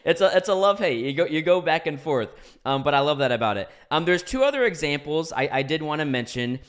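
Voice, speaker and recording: A young man hosts the show, asking questions in an earnest and curious tone. His voice sits a little high for a man, and he often pauses with fillers and corrects himself mid-sentence. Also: big pitch swings, clear, resonant tone. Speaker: podcast host. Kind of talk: interview questions.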